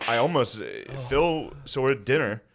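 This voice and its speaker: A man's voice: medium pitch, moderate pace. A man in his thirties telling family stories as a guest in casual chat, laughing often and mimicking his father's voice.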